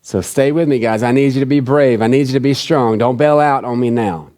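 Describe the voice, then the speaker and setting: A man's voice: mid-range voice, brisk, a little mellow. A man preaching a sermon in an earnest, conversational way, repeating key phrases for emphasis. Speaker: pastor.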